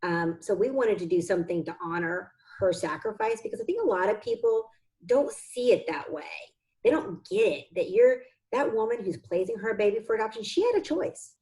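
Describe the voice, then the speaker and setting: A woman's voice: mid-range voice, animated, brisk, a little mellow, low-quality recording. A woman in an interview, an adoptive mother and foundation founder, telling her family's story in a heartfelt, earnest way that comes close to tears.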